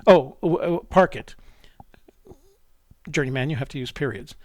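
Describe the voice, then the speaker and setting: A man's voice: on the high side, moderate pace, a little mellow, no room sound. A man hosting a live call-in show, chatting casually and rambling, often correcting himself mid-sentence.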